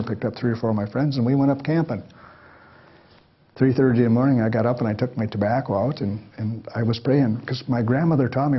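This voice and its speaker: A man's voice: medium pitch, breathy edge. An older man telling life stories to an audience in a folksy, rambling way that keeps breaking into chuckles. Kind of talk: storytelling talk. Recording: dull lo-fi lecture recording.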